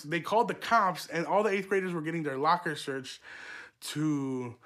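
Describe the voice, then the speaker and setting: A man's voice: a little high, bright, forceful tone. A young man hosting a podcast, telling a story casually with lots of swearing and rambling asides. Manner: profane, rambling, laughing asides. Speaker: podcast host.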